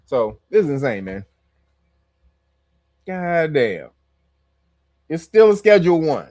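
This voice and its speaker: A man's voice: fairly high pitch, very animated, slow pace, darkish tone. A man giving casual, profane reaction commentary on a video clip, incredulous and laughing often. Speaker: reaction streamer.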